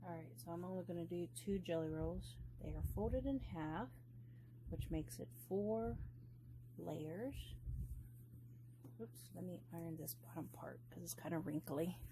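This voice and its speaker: A woman's voice: on the low side, unhurried, pauses often, background noise. A woman vlogging as she quilts, rambling and blunt, swearing freely as she works through her steps. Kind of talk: casual chat while crafting.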